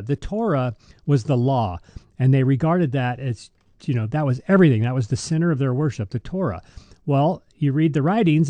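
Deacon guy rambling through church stories, mellow voice, dry close mic. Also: mid-range voice, dry recording. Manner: storytelling, laughs often, restarts sentences. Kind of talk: casual faith podcast chat.

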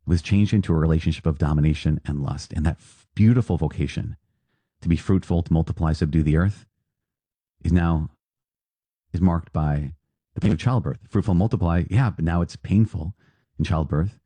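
A man's voice: rumbling low, normal speed, dark tone, slightly rough, no echo. A man, a priest, giving an earnest podcast reflection and repeating phrases for emphasis.

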